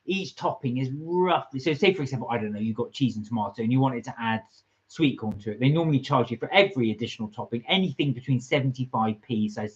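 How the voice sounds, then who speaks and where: A middle-aged man co-hosting a vlog, explaining things in a relaxed, matter-of-fact way. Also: medium pitch, fast talker. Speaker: vlog co-host. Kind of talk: casual chat. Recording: slightly dull lo-fi audio.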